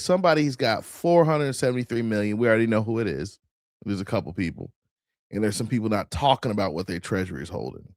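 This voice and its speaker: A man's voice: lowish voice, a little mellow, no room sound, clean studio sound. A man hosting a crypto show, chatting casually and rambling as he clicks through screens. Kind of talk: casual livestream commentary.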